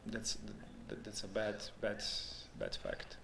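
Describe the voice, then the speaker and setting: A man's voice: fairly low pitch, big pitch swings, a little slow, creaky, background noise. A man with a Polish accent chatting casually and jokingly on a live stream, tripping over and repeating words now and then. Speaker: game developer streamer. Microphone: handheld microphone.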